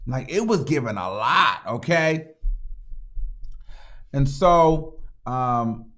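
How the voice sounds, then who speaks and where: A man's voice: medium pitch, lively intonation, drawn-out words, fairly bright tone. Man dramatically retelling a movie. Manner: dramatic, slangy retelling with sound effects; emphatic, repeats lines for effect. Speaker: movie reviewer and channel host. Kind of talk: casual movie recap.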